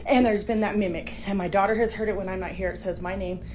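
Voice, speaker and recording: A woman's voice: medium pitch, fairly even intonation, quick pace. A frightened middle-aged woman filming her own house on a phone, whispering and exclaiming indoors. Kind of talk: handheld phone video. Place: indoors at home. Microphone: phone camera. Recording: noisy home phone recording.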